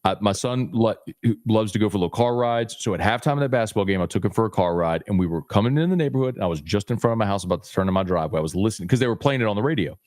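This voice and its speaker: A man, a sports radio host appearing as a podcast guest, talking emphatically and teasing in quick bursts. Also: lowish voice, lively intonation, a little mellow, no room sound, clean studio sound. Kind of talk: animated podcast chat.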